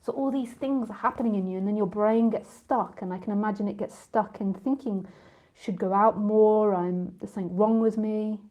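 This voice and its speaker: A woman's voice: mid-range voice, fairly even intonation, brisk, hardly any pauses, dull audio. A woman spiritual teacher in a casual live talk with listeners, rambling and chatty, often laughing and drifting off on tangents.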